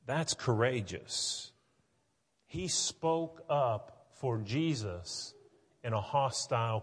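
A man's voice: medium pitch, husky, long reverb tail. A male pastor preaching a sermon earnestly, pushing into emphatic points.

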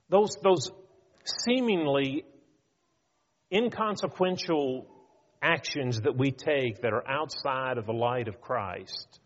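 A man preaching a sermon in an earnest, pleading way, asking his listeners questions and slowing down to stress his points. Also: mid-range voice, long reverb tail, highs cut off. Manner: earnest, pleading, rhetorical questions, slows for emphasis.

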